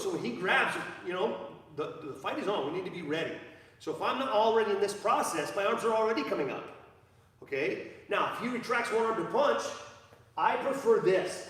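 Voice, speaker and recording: A man teaching a jiu-jitsu class live, rambling with many fillers and restarts, recorded in an echoey training gym from a distance. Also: sits high. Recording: echoey hall, from far off.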